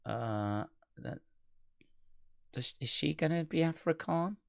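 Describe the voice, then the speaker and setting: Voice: mid-range voice, animated, slow pace, creaky. A stream host talks casually into a desk mic, reading out chat comments with a playful touch. The voice rises and falls a great deal. It sounds chatty and unscripted. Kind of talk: casual watch-along chat.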